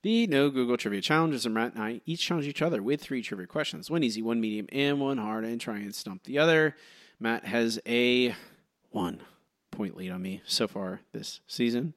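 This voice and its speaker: A man's voice: mid-range voice, vocal fry. A man co-hosting a podcast, chatting casually and running a trivia quiz, with a hesitant, filler-filled delivery. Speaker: podcast co-host.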